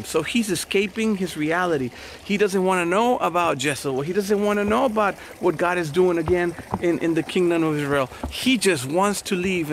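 A man preaching a conversational sermon, his slightly high voice carrying a gravelly edge. He circles back with repeated rhetorical questions, talking like a pastor to his congregation. Faint background noise sits under the voice.

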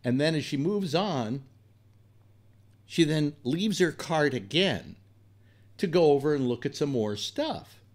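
Older male talk host, blunt and profane rambling storyteller, lively animated delivery. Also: a little high, slow pace, long pauses. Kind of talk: rambling personal anecdote.

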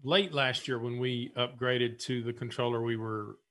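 A man's voice: mid-range voice, fairly even intonation, normal speed, a bit bright. Easygoing chatty man. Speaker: podcast co-host. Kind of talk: casual podcast chat.

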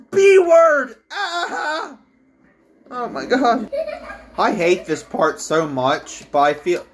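Excitable woman shrieking through a game. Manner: excitable, swings from low mutters to shrieks and screams. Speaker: gamer. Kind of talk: let's-play commentary.

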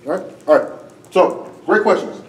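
A man's voice: high-pitched, expressive, normal speed. A man with a tiring, strained voice giving a casual classroom lecture as a debate instructor, often tagging his sentences with "right?". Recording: echoey room, far from the mic, faint noise.

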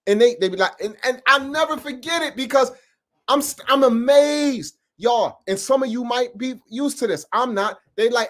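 A man from upstate New York preaches in a loose, fiery style, full of slang and direct asides to his audience. His voice sits high for a man, and he swings between loud punches and quieter stretches. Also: normal speed. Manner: animated and emphatic, with street slang and asides to listeners. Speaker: Bible teacher. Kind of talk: informal preaching.

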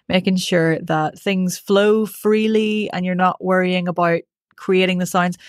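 A woman, a voice coach answering interview questions in a clear, methodical, upbeat way. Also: fairly low pitch, dry recording, clean studio sound. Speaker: voice coach, podcast guest.

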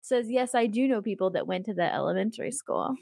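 A woman co-hosting a podcast in casual chat, tossing in dry, quick quips. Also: fairly high pitch, creaky, a little mellow, no room sound. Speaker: podcast co-host.

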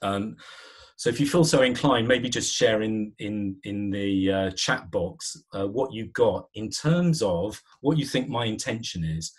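A man's voice: fairly low pitch, lively intonation, unhurried, slightly rough. A man giving a live webinar on presenting skills, talking conversationally with frequent fillers and restarts.

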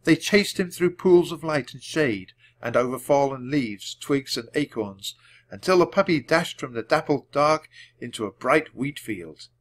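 A man reading a children's chapter book aloud, clearly and deliberately, for language learners. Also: mid-range voice, animated. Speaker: storybook reader. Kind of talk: storybook read-aloud.

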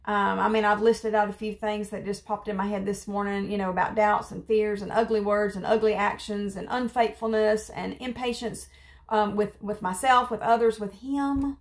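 A woman's voice: medium pitch, fairly even intonation, normal speed. Earnest woman giving a casual devotional. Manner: earnest, conversational, repeats phrases for emphasis; rambling with fillers and restarts. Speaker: devotional speaker.

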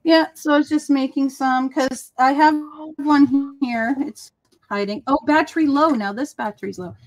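A woman hosting a casual crafting livestream, chatting in a rambling, chatty way with quick asides. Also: sits high, darkish tone. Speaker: livestream host. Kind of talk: casual chat while crafting.

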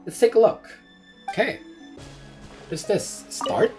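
A gamer giving casual commentary while playing, reacting loudly and swearing freely. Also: medium pitch, very animated, measured pace. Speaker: gamer playing through a game. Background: game music.

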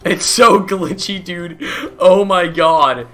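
A man's voice: high-pitched, takes it slowly, fairly bright tone, soft background music. A young man giving casual, goofy commentary as he plays a game, laughing often and swearing casually. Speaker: gaming YouTuber.

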